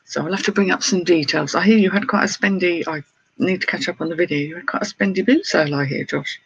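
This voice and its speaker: A man's voice: high voice, fast, creaky, a bit bright, breathy edge. A British man chatting casually as an online reseller, showing his sales and greeting viewers in a self-deprecating way. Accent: British English. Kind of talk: casual vlog chat. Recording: slightly dull lo-fi sound with faint noise.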